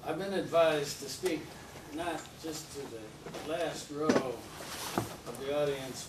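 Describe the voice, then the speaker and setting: A man giving a humorous prepared speech to a club audience, with a slow, deliberate comic delivery that pauses for laughs. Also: on the high side. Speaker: speaker at a public speaking club. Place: meeting room with a live audience. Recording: echoey room, distant mic, background noise.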